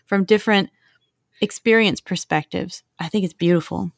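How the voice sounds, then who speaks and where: A woman's voice: mid-range voice, moderate pace, gravelly, no room sound, clean studio sound. A woman hosting a casual conversation, reflective and encouraging. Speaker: host. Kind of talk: casual interview chat.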